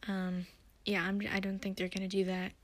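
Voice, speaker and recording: A woman's voice: mid-range voice, monotone, normal speed, no room sound. Chatty woman podcaster, rambling. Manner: chatty, rambling with many fillers and restarts. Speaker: podcast host. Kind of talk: casual episode recap.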